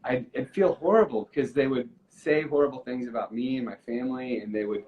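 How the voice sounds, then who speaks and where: A man's voice: medium pitch, a little mellow, rough recording. A musician in a casual live video chat, telling a story earnestly with many restarts and fillers, getting emotional as he goes. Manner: halting, with frequent restarts and fillers. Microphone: video call from a phone or computer.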